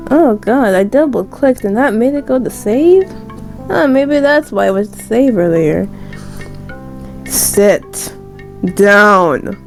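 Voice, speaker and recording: A woman's voice: on the high side, expressive, normal speed, creaky, mellow, faint music behind. A woman streamer reading a story game aloud, stumbling over words with laughing asides. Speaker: gameplay streamer.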